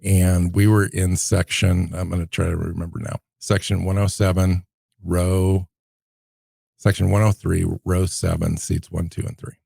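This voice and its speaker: A man in his fifties with a very deep, heavily gravelly voice, telling stories in a relaxed way. The tone is dark and a little husky, and the dry recording has almost no room echo. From Seattle area, USA. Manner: unhurried, reminiscing storyteller. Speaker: podcast co-host. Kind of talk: casual podcast chat.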